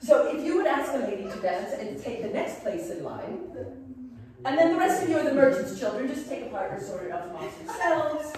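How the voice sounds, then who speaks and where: A woman's voice: sits high, sing-song, fairly quick, darkish tone. A woman in costume playing a genteel academy headmistress, instructing a class in manners with prim formality and playful humor. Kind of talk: in-character living-history lesson. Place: large echoey room with a class. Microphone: far camera. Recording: echoey room, voice far from the mic.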